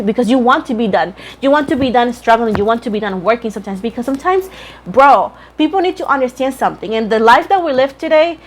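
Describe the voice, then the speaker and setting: A woman gives a relaxed tarot reading, speaking in a fairly high voice. She is chatty and frank, talks straight to her viewers and calls them pet names. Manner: chatty, frank, addresses viewers as boo and Libra. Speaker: tarot reader. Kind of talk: casual tarot reading to camera.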